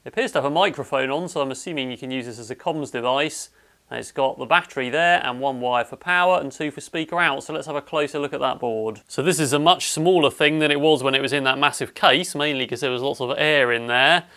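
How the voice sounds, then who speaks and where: A man casually narrating a technical robot build, explaining each step in a relaxed way with some fillers. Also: mid-range voice, fast.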